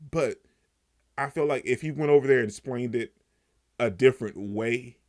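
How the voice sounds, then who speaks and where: A young man giving a casual video review of a TV episode, talking loosely with slang and getting animated as he retells scenes. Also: medium pitch, moderate pace. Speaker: TV show reviewer.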